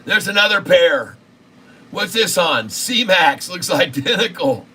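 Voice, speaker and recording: A man hosting a live day-trading stream, excitable and repetitive, cracking crude jokes and bursting out loudly. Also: high-pitched, takes it slowly, breathy edge. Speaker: day-trading livestream host.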